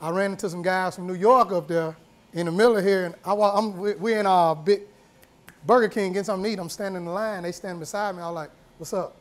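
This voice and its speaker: A man from Mississippi telling a casual story in an animated way, acting out what people said. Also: high voice, fast. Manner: animated, acts out quotes.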